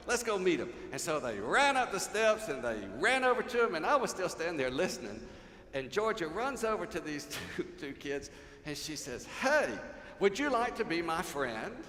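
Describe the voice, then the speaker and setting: Older pastor preaching, echoey hall. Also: male voice, fairly high pitch. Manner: storytelling, swings from loud to hushed. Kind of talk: sermon. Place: large church sanctuary. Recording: echoey hall, faint ambience.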